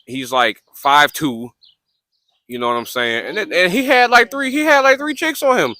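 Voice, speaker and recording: A man's voice: high voice, normal speed. A young man from Michigan, co-hosting a casual chat outdoors by a fire, telling rambling stories full of restarts. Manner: rambling, animated storytelling with repeated restarts. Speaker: podcast co-host. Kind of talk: casual group banter.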